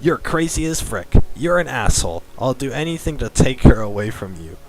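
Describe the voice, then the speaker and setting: A man's voice: mid-range voice, sing-song, normal speed, soft background music, poor audio. A man reading a story aloud and voicing a fierce young girl who talks brashly and swears. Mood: angry.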